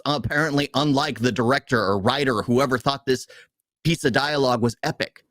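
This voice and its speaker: A man on a casual movie-review podcast, ranting in an animated, exasperated way. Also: medium pitch, no room sound, clean studio sound. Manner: animated, exasperated, rapid complaining. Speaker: podcast co-host.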